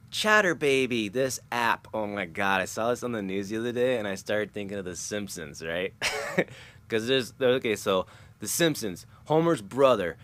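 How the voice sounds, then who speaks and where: A man's voice: lowish voice, fairly bright tone. A man talking through a casual vlog monologue, rambling and chuckling as he loses his train of thought. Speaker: vlogger.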